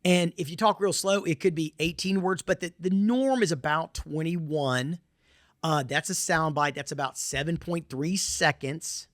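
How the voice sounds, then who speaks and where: Southern US man, middle-aged presenter, fairly high voice, punchy and repetitive, dry close sound. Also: unhurried, fairly bright tone, no room sound. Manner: emphatic, repetitive, folksy asides. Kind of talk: conference presentation.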